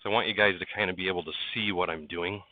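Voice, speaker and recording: A man's voice: low voice, fairly even intonation, rapid-fire, dry recording. A man hosting a casual livestream from his workshop, chatting with viewers by name while he works. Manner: chatty, greets viewers by name, coaxes parts while working. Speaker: livestream host. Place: workshop barn indoors. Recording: dry, tinny phone-like sound.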